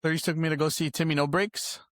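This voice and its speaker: A man's voice: fairly high pitch, fairly even intonation, fast, dry recording, studio quality. A young man hosting a podcast, animatedly retelling a night out, laughing often and acting out what people said. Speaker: podcast host. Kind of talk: casual storytelling chat.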